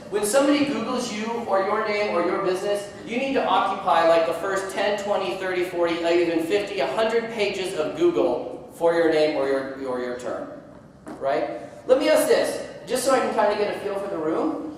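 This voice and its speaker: Energetic man presenting in an echoey hall. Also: high-pitched, a little fast, a little hiss or hum. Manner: energetic, asks the audience questions, jokes. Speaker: seminar speaker. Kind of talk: conference talk to a live audience. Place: large conference hall. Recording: echoey hall, distant mic.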